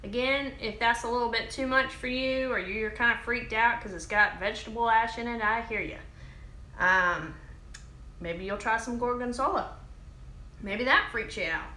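A woman hosting a casual cooking demo, chatty and excitable, calling her viewers y'all. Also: a little high, normal speed, reverberant. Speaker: cooking show host.

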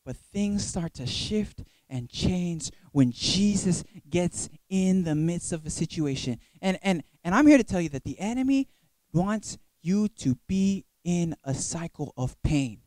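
A man's voice: high-pitched, expressive, unhurried, darkish tone, no echo. A man preaching a sermon at a youth worship service in an emphatic, repetitive, building way.

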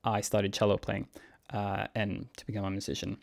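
A young man, a cellist answering viewer questions in a relaxed, musing Q&A vlog, chuckling often. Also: on the low side, brisk, creaky. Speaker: cellist and YouTuber. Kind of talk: casual Q&A vlog.

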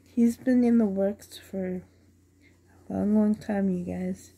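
A woman's voice: medium pitch, steady tone, takes it slowly, creaky, dark tone, breathy edge. A woman at home unboxing a doll for her vlog, gushing with delight and often dropping to a whisper. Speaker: reborn doll collector unboxing a doll.

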